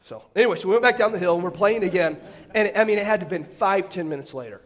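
A middle-aged pastor delivers a storytelling sermon full of humorous personal anecdotes and self-deprecating jokes, often restarting his phrases. His voice is high and he talks very fast.

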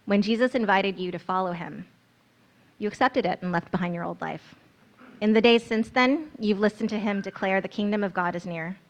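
A woman's voice: medium pitch, normal speed. A woman narrating a guided scripture meditation in the second person, in an earnest, storytelling manner.

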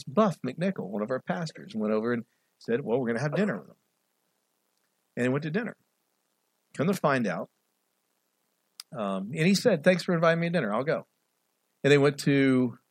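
A middle-aged male pastor preaching an animated sermon, swinging between loud, raised passages and quiet asides. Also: medium pitch, husky, no room sound.

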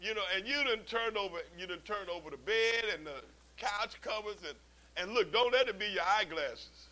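High bright-voiced male pastor preaching. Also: normal speed, rough recording. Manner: animated storytelling with humorous asides; repeats words when starting sentences. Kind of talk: sermon.

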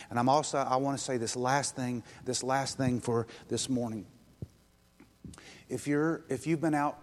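Earnest pastor in a reverberant church. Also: male voice, mid-range voice. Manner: earnest, building to urgent appeals then softening. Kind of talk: sermon. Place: church sanctuary.

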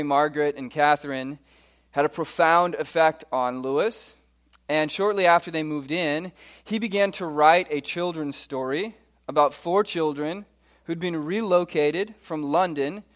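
A man giving a sermon, engaging the audience directly as he sets up a story. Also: on the high side. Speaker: pastor.

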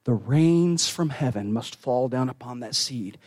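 A man preaching a sermon in a conversational way, building to shouted emphasis and dropping to near whispers, with casual asides and repeated words. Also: mid-range voice, lively intonation, measured pace, no room sound, clean studio sound.

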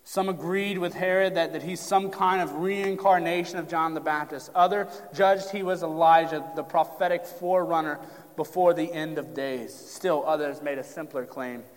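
A man's voice: fairly high pitch, fairly even intonation, normal speed. Preaching man in a reverberant hall. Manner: preaching with rising emphasis, direct address to congregation. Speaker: pastor. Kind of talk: sermon.

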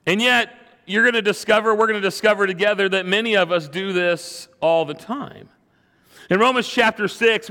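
A pastor preaching a sermon in a loose, conversational storytelling manner from a church stage microphone. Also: male voice, sits high, bright, forceful tone, in a large hall. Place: church sanctuary.

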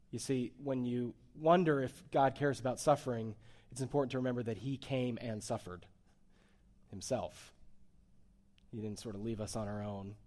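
A man preaches a sermon in a loose, chatty way, his voice at an everyday middle pitch. He sinks into quiet, heavy lines and then builds to firm, emphatic ones. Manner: conversational preaching, swings between soft and emphatic. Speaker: pastor.

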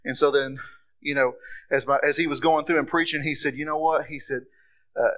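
A man preaching a sermon as pastor, slowing down and rising in emphasis when he reads scripture. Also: fairly high pitch, fairly even intonation, bright, forceful tone, rough recording.

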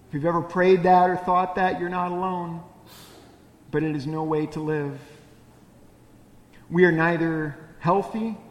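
A man preaching a sermon in a relaxed, conversational manner, his voice sitting a little high for a man. He keeps turning questions back to the congregation. The sound is roomy, with a long echo from a large hall. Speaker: pastor.

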